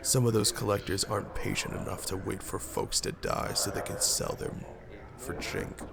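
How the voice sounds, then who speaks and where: A man's voice: fairly low pitch, fairly even intonation, moderate pace, vocal fry, background noise. A man reading aloud the lines of a blunt woman initiate in a game, with folksy turns of phrase. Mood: wary. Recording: game music behind.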